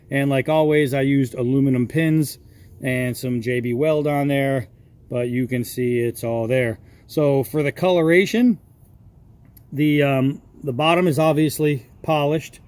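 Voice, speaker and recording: Chatty man from Massachusetts demoing a knife. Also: mid-range voice. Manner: relaxed, chatty, with fillers and self-corrections. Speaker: knifemaker showing his own knife. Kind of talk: casual show-and-tell vlog.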